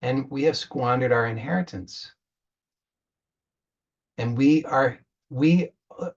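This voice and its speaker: Husky guy doing an earnest spiritual coaching talk, keeps repeating himself, kinda muffled audio. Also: medium pitch, slow, long pauses. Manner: earnest, repeats words and restarts while telling a parable.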